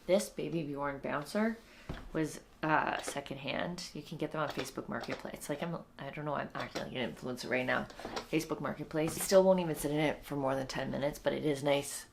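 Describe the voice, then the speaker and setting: Woman, young adult, low pitch, gravelly, sleep-deprived, wry casual vlog chat, faint background noise. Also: a little fast. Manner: tired, wry, chatty, drops to a whisper near the baby. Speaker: comedian and new mom vlogging. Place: home, indoors.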